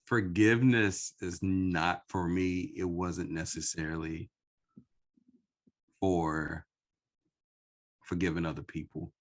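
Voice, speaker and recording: A man with a very low, deep voice speaks slowly and earnestly. He is sharing a personal story in a reflective podcast conversation. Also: fairly even intonation. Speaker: podcast host.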